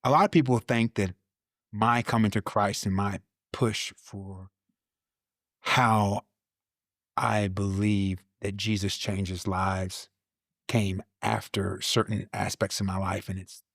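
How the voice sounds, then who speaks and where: A man telling a personal faith testimony in a casual conversation, animated, repeating words, and acting out his own past lines. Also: on the low side, slow pace, creaky, no echo, studio quality. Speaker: guest, Army veteran.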